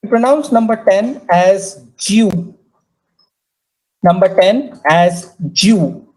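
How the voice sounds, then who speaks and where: Slow, careful woman teaching pronunciation. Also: medium pitch, darkish tone, rough recording. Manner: repeats each word slowly and drills pronunciation. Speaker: Japanese language teacher. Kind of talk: slow, careful language lesson.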